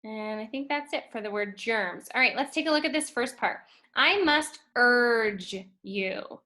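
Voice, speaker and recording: A woman teaching a phonics lesson to first graders, speaking slowly and clearly and stretching out letter sounds. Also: a little high, pushed and bright. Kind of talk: phonics lesson for young children.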